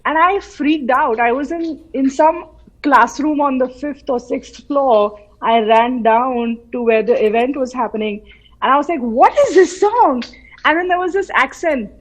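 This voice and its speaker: Animated storytelling woman from central India. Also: high voice, normal speed, rough recording. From Madhya Pradesh, India. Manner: animated storyteller, acts out remembered voices. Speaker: guest, film artist. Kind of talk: casual interview. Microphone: remote call from her home city.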